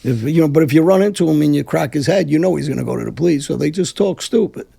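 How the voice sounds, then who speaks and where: A man's voice: fairly high pitch, lively intonation, fast talker, vocal fry, warm tone, breathy edge. A man from Brooklyn, speaking bluntly and combatively with frequent profanity as a guest in an interview. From Brooklyn, New York. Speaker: guest, former mafia figure. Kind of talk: casual interview talk.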